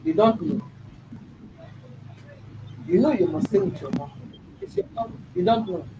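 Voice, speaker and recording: Male mediator, high voice, firm and probing, traffic noise behind. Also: lively intonation, a little slow. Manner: firm, probing, repeats questions. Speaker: mediator host. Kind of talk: questioning a child in a family dispute.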